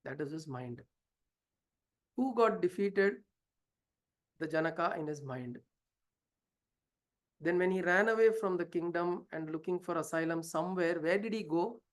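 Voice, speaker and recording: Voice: mid-range voice, lively intonation, unhurried, pauses often. A spiritual teacher explaining a scripture passage through a story, hesitant at times and asking many rhetorical questions. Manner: hesitant, with fillers and restarts. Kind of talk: scripture lesson told as a story.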